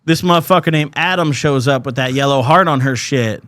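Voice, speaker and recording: A man's voice: medium pitch, a little fast, a bit bright, no echo, studio quality. Young man hosting, slangy storyteller. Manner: slangy, storytelling, mimics friends in quotes. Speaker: podcast host. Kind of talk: casual podcast chat.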